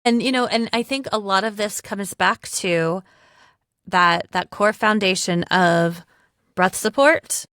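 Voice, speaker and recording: A woman's voice: medium pitch, takes it slowly, fairly bright tone, dry recording, studio quality. A woman, a speech therapist and podcast co-host, who talks in a loose, chatty way with lots of fillers. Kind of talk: casual chat.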